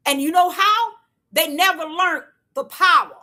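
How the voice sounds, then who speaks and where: A woman giving a casual, repetitive spiritual talk to her viewers in a preachy, excitable way. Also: very high-pitched, unhurried. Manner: preachy, repetitive, excitable, African American Vernacular English. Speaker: online preacher.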